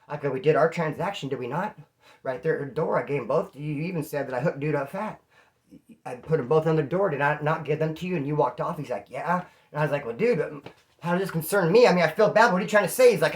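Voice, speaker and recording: A man from California, a former inmate, telling a prison story casually to camera in slangy, animated talk full of bro and dude. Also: fairly high pitch.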